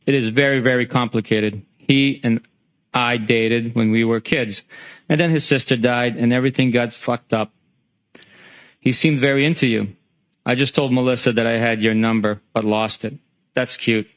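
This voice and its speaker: A man testifying as a trial witness, reading a string of text messages aloud in a steady, matter-of-fact way in a courtroom. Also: mid-range voice, normal speed.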